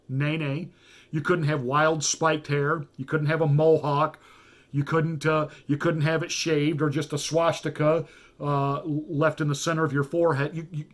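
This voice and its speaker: A middle-aged pastor talks straight to his audience in a political monologue. He is emphatic and folksy, and he doubles words for stress. His voice sits a bit high for a man. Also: fairly bright tone. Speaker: pastor and commentator.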